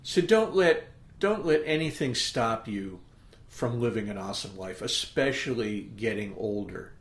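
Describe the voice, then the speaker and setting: On his podcast, a middle-aged man offers an emphatic motivational monologue, unhurried and lively in intonation at a medium pitch. The sound is reverberant, and he often checks in with "okay?" like a pep talk.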